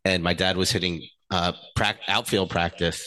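Middle-aged male co-host, deep low voice, earnest and frank, storytelling. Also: fairly even intonation, normal speed, bright, forceful tone. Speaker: podcast co-host. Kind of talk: casual relationship talk.

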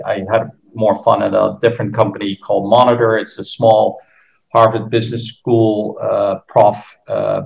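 Gravelly Dutch man with an American tinge. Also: fairly low pitch. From Netherlands. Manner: rambling, many restarts and fillers. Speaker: golf course architect. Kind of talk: podcast interview. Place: home. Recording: muffled lo-fi audio.

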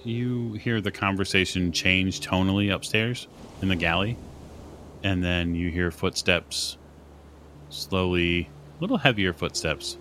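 A man running a tabletop horror game as game master, narrating events calmly and calling for dice rolls. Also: deep voice, a little hiss or hum.

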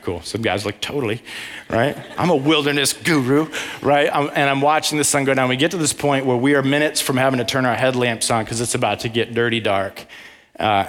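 A man's voice: medium pitch, a bit bright, in a large hall. A man giving a conversational sermon as a Bible study teacher, telling a story with wry asides and questions to the audience.

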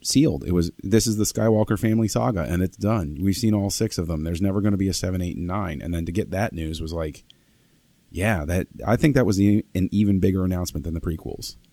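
A man talking as a podcast guest in casual chat, telling stories with bursts of excitement. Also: low voice, quick pace, creaky, no echo. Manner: excitable storyteller, acts out his own past excitement.

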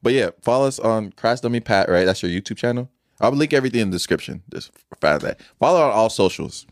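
A young man chats on a podcast in a deep, low voice, loose and slangy, often breaking into laughter. The sound is dry and close to the mic, with no room echo. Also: lively intonation, fast talker. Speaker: podcast host. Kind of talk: casual podcast chat.

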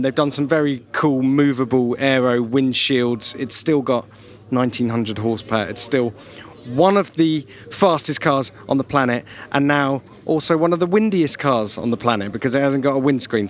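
A man presenting a walkaround at an outdoor car show, chatty with self-deprecating asides. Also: mid-range voice. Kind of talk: walkaround commentary.

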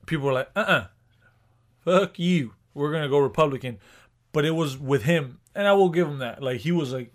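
A man co-hosting a podcast in casual chat, rambling with restarts and swearing. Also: on the high side. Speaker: podcast co-host.

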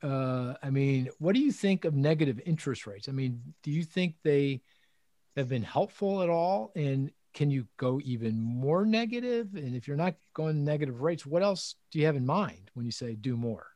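A man hosting an interview, asking questions and telling stories in a lively, chatty way with frequent restarts. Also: a little high, normal speed, no room sound. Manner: animated storytelling, frequent restarts and laughs. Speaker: host. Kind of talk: casual interview chat.

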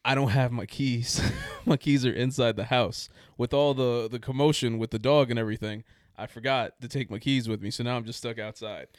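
A man in an easygoing conversational voice recounts his day, rambling and poking fun at himself. The sound is dry and close, with no room echo. His pitch sits in an ordinary middle range. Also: steady tone, brisk, hardly any pauses. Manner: rambling, self-mocking, laughs through his own story. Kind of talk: casual storytelling.

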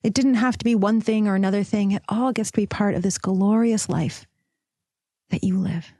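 A woman podcast host leading a slow, soft guided meditation, sometimes dropping into a whisper and calling the listener sister. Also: medium pitch, steady tone, no room sound, studio quality. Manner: calls listener "sister", affirmations.

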